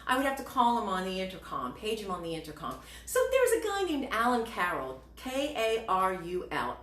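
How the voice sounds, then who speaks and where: A woman's voice: mid-range voice, a bit bright. A woman from Ohio telling chatty, self-mocking stories between songs at a home concert, recorded on a camera set above her. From Shadyside, Ohio, USA. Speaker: cabaret singer. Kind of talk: cabaret patter. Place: home room. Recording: roomy home room with faint music.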